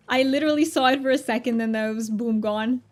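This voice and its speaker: A woman's voice: a little high, normal speed. A woman streamer chatting casually while she plays, giggling often and restarting her sentences. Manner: giggly, rambling, frequent restarts. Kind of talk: casual live-stream chat while gaming.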